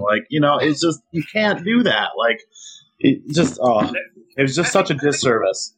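A man's voice: on the high side, lively intonation, moderate pace, vocal fry, fairly bright tone, husky. A man co-hosting a gaming podcast in casual chat, rambling and chatty, laughing as he talks.

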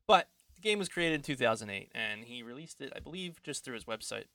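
A man co-hosting a casual podcast chat from home, rambling, self-deprecating, and quick to laugh. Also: medium pitch, animated, pushed and bright, no echo. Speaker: podcast co-host.

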